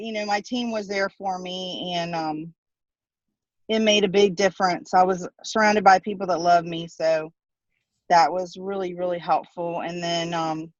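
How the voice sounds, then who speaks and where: A woman sharing a personal story on a video call, hesitant and soft-spoken. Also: on the low side, fairly even intonation, a little slow, no room sound. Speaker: team member. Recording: dull, dry video call audio.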